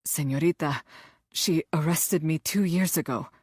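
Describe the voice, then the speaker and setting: Woman narrator as a strained young henchman, deferential, low-pitched voice, dry close sound. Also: unhurried, a little mellow, slightly rough, dry recording. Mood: nervous. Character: young handsome male henchman, nervous.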